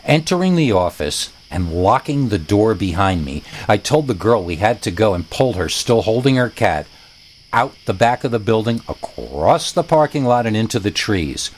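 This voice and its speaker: A man narrating a scary story in a low voice that swoops up and down with plenty of expression. His storytelling is animated, with a dry, joking edge. Faint crickets chirp in the background. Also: moderate pace, a little hiss or hum. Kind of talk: scripted narration.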